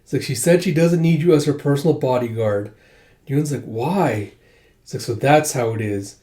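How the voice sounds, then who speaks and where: A man's voice: mid-range voice, normal speed, dark tone. A man casually recapping a manga volume, acting out the characters' lines in raised voices as he goes. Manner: chatty, acts out characters' lines in lifted voices. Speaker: manga reviewer.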